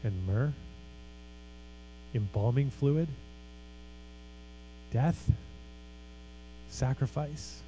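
A man's voice: mid-range voice, animated, very slow, long pauses, mellow, a little hiss or hum, low-quality recording. A man preaching a sermon as pastor, earnest and emphatic, with casual conversational asides.

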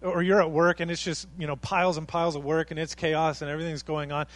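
A man preaches to his congregation with steady, earnest conviction. His voice sits a little on the high side, and he rises to emphatic peaks as he acts out what people might say. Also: fast, poor audio. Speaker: pastor. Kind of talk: sermon.

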